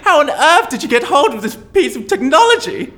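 A woman's voice: sits high, big pitch swings, fairly quick, a bit bright. A woman playing a pompous, theatrical, reclusive inventor in a comedy sketch. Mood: astonished.

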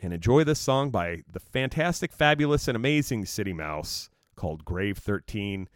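A man's voice: fairly low pitch, animated, normal speed, clean tone, dry recording, studio quality. A man hosting his own podcast, telling a story in a rambling, casual way with lots of fillers and swearing. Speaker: podcast host.

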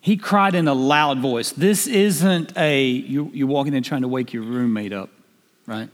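A man preaching a sermon, emphatic and building to shouts. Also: mid-range voice, normal speed. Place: church hall. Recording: long hall reverb.

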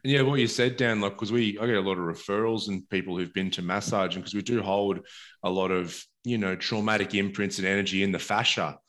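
A man who works as a body therapist, calmly explaining in casual conversation. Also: lowish voice, brisk.

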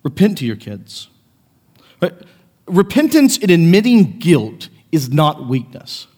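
Impassioned pastor preaching in a reverberant church. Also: male voice, on the high side, big pitch swings, slow pace, husky. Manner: earnest, swings from quiet to raised and impassioned. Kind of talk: sermon. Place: church sanctuary.

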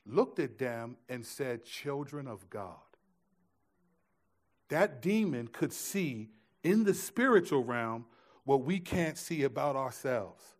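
Animated male preacher telling stories. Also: mid-range voice. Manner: animated storytelling with many restarts and slang. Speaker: pastor. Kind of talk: sermon.

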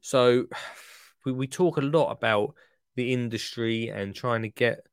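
Chatty man with smooth voice. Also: mid-range voice, unhurried, no echo, clean studio sound. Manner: chatty, rambling, jokey. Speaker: podcast host. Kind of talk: casual podcast chat.

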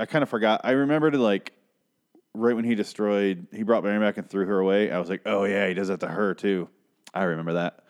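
A man's voice: deep voice, a little mellow. A man casually recapping a TV episode, rambling, joking and swearing as he goes. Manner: rambling, profane, restarts a lot, jokey.

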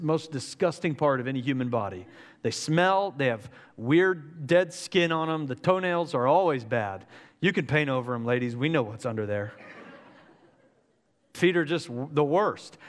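A male pastor preaching with lively energy and casual humor. His voice sits a little high. The sound rings with the long reverb of a large hall. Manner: energetic, joking, conversational preaching. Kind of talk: sermon.

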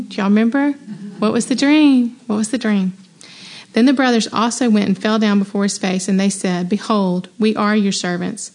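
A woman leading a women's Bible study, reading scripture aloud and commenting in an excited, conversational way with many rhetorical questions. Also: fairly high pitch. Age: adult mother. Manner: enthusiastic, conversational, exclaims and asks rhetorical questions.

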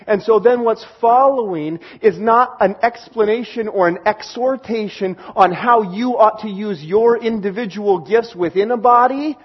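A man's voice: sits high, slightly rough, highs cut off. A man preaching a sermon, explaining a scripture passage and reading verses aloud while stressing key words.

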